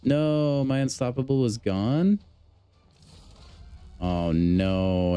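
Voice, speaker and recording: A man's voice: lowish voice, expressive, normal speed, warm tone, no echo, soft background music. A man livestreaming a mobile game, chatting casually and upbeat to his viewers. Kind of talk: casual gameplay commentary.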